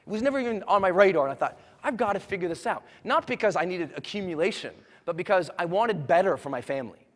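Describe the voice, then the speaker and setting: A man giving a live motivational speech to an audience, moving from quiet storytelling to loud, bold rallying calls. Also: sits high, lively intonation, fast talker, hardly any pauses. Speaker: motivational speaker. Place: large hall with an audience. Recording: long hall reverb.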